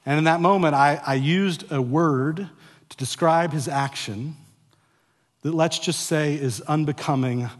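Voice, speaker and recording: Male pastor, 40s, slightly high voice, sermon in a reverberant sanctuary, confessional to emphatic, stumbles over his words. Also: unhurried. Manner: confessional storytelling rising to loud, emphatic preaching; frequent stumbles and repeated words. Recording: long reverb of a large hall.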